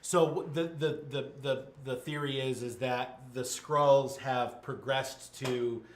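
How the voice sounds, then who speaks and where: A man's voice: mid-range voice, fairly even intonation, slow, a little hiss or hum. A man co-hosting a casual comics chat show, rambling through plot summaries with lots of fillers and restarts. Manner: rambling, many fillers and restarts, acts out quotes. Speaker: podcast co-host. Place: game store. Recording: echoey room.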